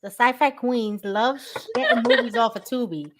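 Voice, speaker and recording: High-voiced lady podcast host, super animated, keeps calling out to folks. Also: moderate pace, background noise. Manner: animated, exclaiming, playful appeals. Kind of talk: casual chat.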